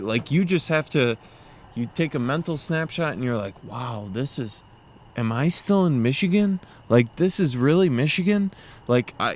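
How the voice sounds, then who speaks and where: Animated man telling trail stories. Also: on the high side. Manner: animated storytelling, acting out quotes. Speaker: guest cyclist. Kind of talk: casual podcast chat.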